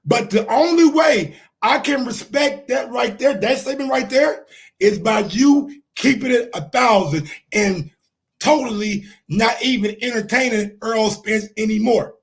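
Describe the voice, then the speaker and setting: A man hosting a sports show, delivering heated commentary in a casual style, often shouting and repeating himself for emphasis. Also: very high voice, unhurried, gravelly. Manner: heated, repetitive, frequently shouting.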